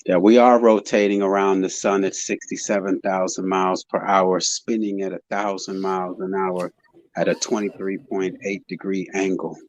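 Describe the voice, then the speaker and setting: A man's voice: sits low, little pitch movement, normal speed, no echo, rough recording. A man hosting a live online panel, musing aloud and greeting chat members by name. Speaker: host of a live panel stream. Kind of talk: casual live-stream chat.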